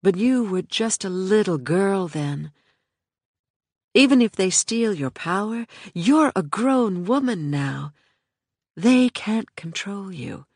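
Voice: medium pitch, lively intonation, slow pace, darkish tone, no room sound, clean studio sound, voice pushed up. The narrator voicing a caring, blunt woman who comforts a friend in a firm, reassuring way. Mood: gentle.

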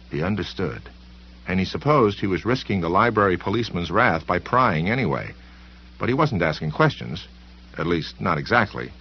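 A man reading a novel aloud as a narrator, in a measured, expressive way. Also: sits low, husky. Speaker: audiobook narrator. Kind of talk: scripted narration. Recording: dull lo-fi recording.

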